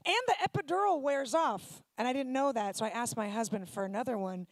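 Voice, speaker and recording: A woman's voice: on the high side, fairly quick, few pauses, no room sound. A woman doing stand-up comedy with crowd work, sarcastic, brash and profane. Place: synagogue comedy night stage.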